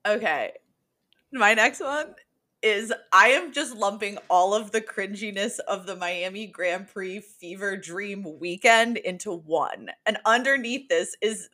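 A young woman co-hosting a laid-back podcast. She talks in an animated way and breaks into laughter often. Her voice sits at a middle pitch. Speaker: podcast co-host. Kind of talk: casual chat.

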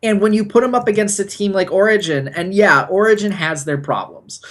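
A man's voice: high voice, animated, a little fast, a bit bright. A man co-hosting a podcast, giving emphatic, opinionated esports analysis in casual chat. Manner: opinionated, emphatic, repeats for punch. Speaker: podcast co-host.

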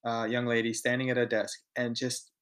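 A man's voice: mid-range voice, completely flat delivery, a little fast, a bit bright, clean tone. A man, co-hosting a podcast and telling work stories in casual chat, candid and swearing freely. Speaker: podcast co-host.

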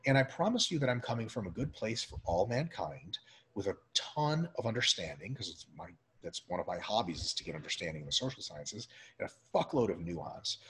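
A man's voice: mid-range voice, low-quality recording. A man from Russia, a podcast guest, talking bluntly and with plenty of swearing and filler words in a casual conversation. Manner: animated, blunt and profane, with lots of filler words.

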